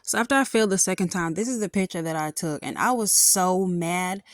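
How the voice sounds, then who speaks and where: A woman in her late twenties telling a story in a casual, animated, chatty way, full of fillers. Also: on the low side, fairly quick. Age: late 20s. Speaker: vlogger. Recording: echoey room with faint ambience.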